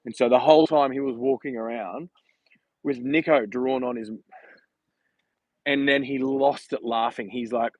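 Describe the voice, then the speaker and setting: A man's voice: medium pitch, very animated, moderate pace, gravelly, no echo, rough recording. A man talking casually in a rambling, chatty way while walking outdoors during a livestream vlog, filmed on a handheld phone. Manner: chatty, rambling, laughs while telling stories. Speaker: vlogger.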